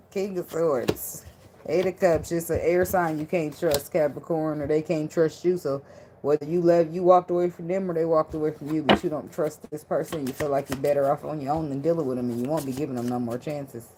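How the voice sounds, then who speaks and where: Low-voiced, blunt woman reading tarot. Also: noisy background. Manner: blunt and profane, laughs a lot; loose, conversational slang. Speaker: tarot reader.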